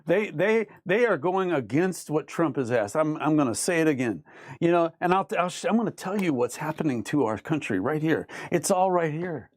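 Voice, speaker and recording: The voice is male, fairly high and expressive, at normal speed in a dry recording. As a livestream host, he reads the live chat aloud and rants back at viewers' comments, arguing emphatically and repeating himself.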